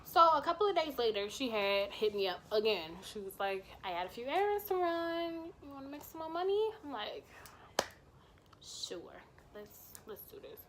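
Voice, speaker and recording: A woman vlogger telling a personal story in a casual, animated way, acting out the dialogue and swearing freely. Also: high-pitched, fairly quick, hardly any pauses, slight background noise.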